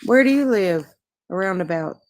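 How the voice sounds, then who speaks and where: A woman's voice: mid-range voice, animated, normal speed, no room sound. A woman from Texas, a guest on a casual livestream chat, rambling in a goofy, self-mocking way.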